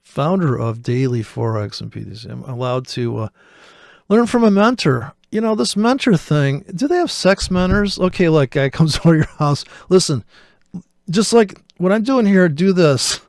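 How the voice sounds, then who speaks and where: A man's voice: fairly high pitch, big pitch swings, normal speed, vocal fry, darkish tone, no echo, studio quality. A man hosting a show, giving rambling, sarcastic, profane commentary while reacting to a video. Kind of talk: casual commentary.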